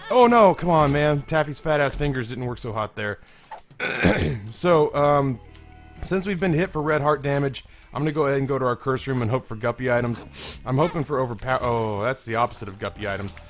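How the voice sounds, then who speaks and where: A young man talks over a game at a middle pitch, his voice thick and stuffed-up from being ill. He rambles, swears freely and jokes at his own expense. Faint music plays underneath. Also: fairly bright tone. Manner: rambling, self-deprecating, swears casually. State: congested, sick voice. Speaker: gaming commentator. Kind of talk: casual let's-play commentary.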